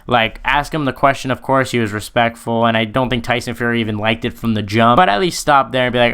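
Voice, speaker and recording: A man's voice: medium pitch, quick pace, few pauses, bright, forceful tone, smooth. A man giving casual, rambling opinion commentary as a video host, talking in a loose, conversational way. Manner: rambling, conversational, full of "you know" and "like".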